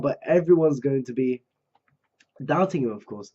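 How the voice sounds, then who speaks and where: Excitable man reacting, mellow voice. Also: medium pitch, moderate pace, long pauses, slightly rough. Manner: excitable, bursts into loud exclamations. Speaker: manga reaction host. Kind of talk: live reading and reaction. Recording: dull lo-fi recording.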